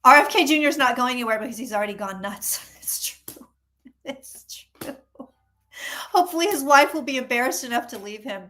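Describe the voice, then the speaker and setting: A woman psychic chatting casually on a tarot livestream, chatty and animated, often acting out what people say. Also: fairly high pitch, brisk, pauses often, slight background noise.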